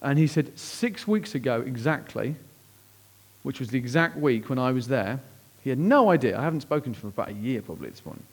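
A man preaching a sermon, telling a personal story with lively swings between hushed, slow moments and excited outbursts. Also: breathy edge. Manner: animated, acts out quoted voices with big pitch jumps; drops to hushed, slow tones at emotional moments. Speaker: pastor.

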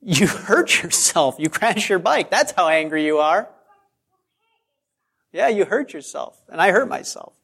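A pastor preaches conversationally, telling stories on himself with self-deprecating asides, repeating phrases for emphasis and drawing out key words. His voice sits high and is very animated, a bit bright, with vocal fry and a breathy edge, at a slightly slow pace.

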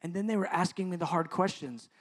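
High-voiced pastor preaching with fervor. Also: male voice. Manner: swings from loud emphatic preaching to hushed near-whispers; slow, drawn-out stresses on key words. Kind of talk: sermon.

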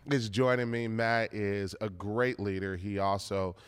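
A middle-aged man leads a church video talk as pastor, his lowish voice upbeat and expressive. The room around him rings with a long reverb. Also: measured pace, clear, resonant tone. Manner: upbeat, expressive, varied delivery.

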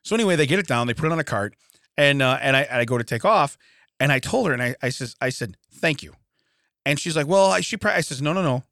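A man co-hosting a podcast, telling a story in an animated rant, often laughing. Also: mid-range voice, quick pace, no room sound, studio quality. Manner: animated ranting with frequent laughter. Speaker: podcast co-host. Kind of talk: casual comedic storytelling.

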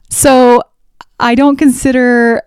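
A woman's voice: on the high side, level tone, extremely slow, a little mellow, smooth, dry recording, studio quality. A Canadian woman from Alberta chatting casually to her viewers as a YouTuber, rambling with lots of fillers and laughs. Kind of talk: casual vlog chat.

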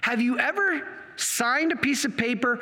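Lecturer, man, passionate and fired up, bright high voice, long hall echo. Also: unhurried. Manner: passionate, gets worked up. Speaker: Catholic apologetics speaker. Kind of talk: apologetics lecture with slides.

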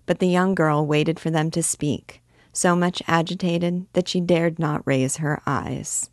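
A woman reading a classic novel aloud in a clear, measured storytelling voice. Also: sits low, steady tone, no echo, clean studio sound. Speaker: literature teacher reading aloud.

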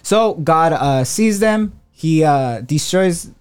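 A man explaining a scripture story in a casual faith discussion, pausing often and checking in with "right?". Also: fairly high pitch, animated, clean tone, faint music behind. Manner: hesitant, many "uh" and "right?".

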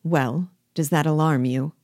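A woman's voice: a little slow, darkish tone, no room sound, clean studio sound. A woman reading aloud, voicing a frightened young wife who pleads urgently with her husband. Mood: alarmed. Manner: pleading, rising to high urgency.

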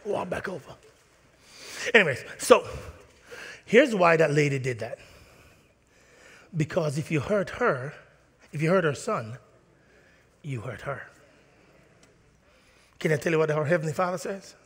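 A man preaching a sermon in a church, animated and playful, acting out little scenes. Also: on the high side, a little slow, pauses often, breathy edge. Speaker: pastor. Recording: long reverb of a church hall.

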